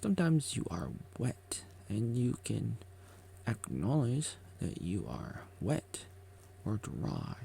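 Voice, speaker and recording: A man's voice: fairly low pitch, wildly swooping pitch, takes it slowly, vocal fry, mellow, slight background noise. A man vlogging a rambling motivational monologue, repeating himself and joking with himself as he talks.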